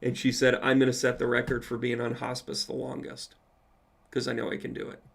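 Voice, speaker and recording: A man with a gravelly edge to his mid-pitched voice tells a long personal story during a live question-and-answer session. He is a medium, animated and casual, and he drops the odd swear word. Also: fairly quick. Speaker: psychic medium.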